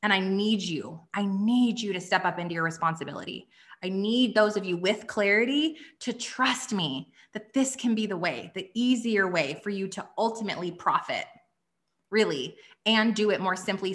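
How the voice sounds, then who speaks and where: A woman in her thirties running a live online workshop, pitching her courses with energetic enthusiasm and frequent "okay?" asides. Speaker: online business coach.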